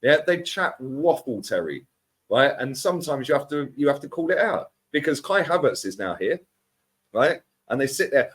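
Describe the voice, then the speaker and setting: A man's voice: mid-range voice, moderate pace. Brief: man, fan pundit, fired-up rant, mid voice. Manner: animated, mocks other fans in put-on voices.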